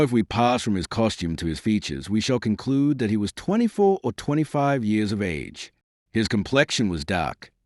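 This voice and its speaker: A man narrating a classic novel as an audiobook, in a measured, descriptive reading. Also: lowish voice, no echo, studio quality.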